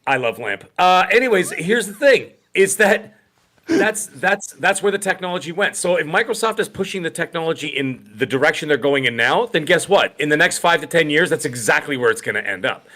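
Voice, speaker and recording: A middle-aged man co-hosting a gaming podcast in rambling, animated casual chat with many restarts. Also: on the high side, fairly quick. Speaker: podcast co-host.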